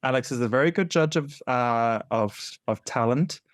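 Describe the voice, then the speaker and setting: A man co-hosting a podcast in casual chat, animated and opinionated, laughing often and repeating himself. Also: medium pitch, moderate pace, no room sound. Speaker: podcast co-host.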